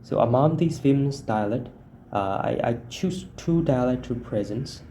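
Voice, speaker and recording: A man giving a class presentation, reading slide points in short, halting phrases. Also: medium pitch, animated, warm tone, a little hiss or hum. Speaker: student presenter.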